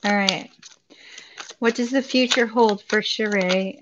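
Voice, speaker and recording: A woman's voice: mid-range voice, fairly even intonation, slow pace, noisy background. A woman giving a live tarot reading to viewers, effusive and upbeat, chatting and laughing often. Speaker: tarot reader. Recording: dull lo-fi recording.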